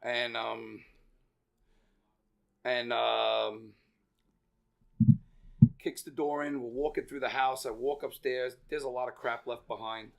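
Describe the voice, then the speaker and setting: Man, podcast guest, animated storyteller, bright forward tone, mid pitch. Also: slow pace, vocal fry, long pauses. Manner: animated, swears freely, acts out voices. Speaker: podcast guest, real estate veteran. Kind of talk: casual storytelling.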